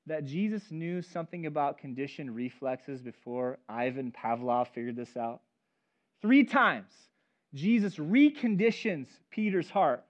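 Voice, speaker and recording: A man preaching a sermon as pastor, telling stories in an animated, conversational way. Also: fairly high pitch, measured pace. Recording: dull lo-fi recording.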